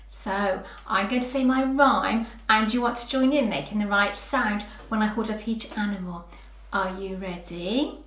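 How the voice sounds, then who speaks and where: A woman teaching young children phonics, sounding words out slowly with gentle encouragement. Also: mid-range voice, roomy sound. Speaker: early years teacher. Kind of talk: slow, clear children's lesson.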